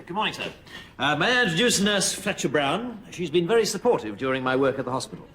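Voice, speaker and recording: Sarcastic army captain, dry and cutting, very lively pitch, hissy TV audio. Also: male voice, fast. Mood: sardonic. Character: sardonic, scheming male army captain. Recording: TV clip audio with noise.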